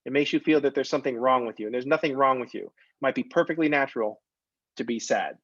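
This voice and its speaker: A man's voice: mid-range voice, fast, a bit bright, no echo. Chatty male math instructor, muffled recording. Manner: conversational, digressive, jokey. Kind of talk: recorded lecture.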